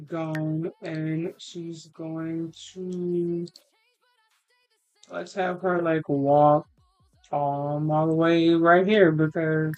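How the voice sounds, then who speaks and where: A woman's voice: lowish voice, darkish tone. A woman casually narrating a life-sim game story, rambling with fillers and the odd curse. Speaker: let's play creator.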